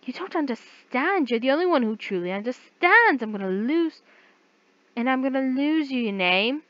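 A woman reads aloud as a possessive man who is a nation personified, soft-spoken and menacing. His voice comes across dry and a little muffled, with a dull low-fi sound. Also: animated, moderate pace, no echo. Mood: pleading.

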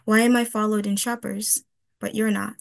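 A woman reading her spoken-word poem on a webinar, slow and pointed, asking question after question. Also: medium pitch, little pitch movement, creaky.

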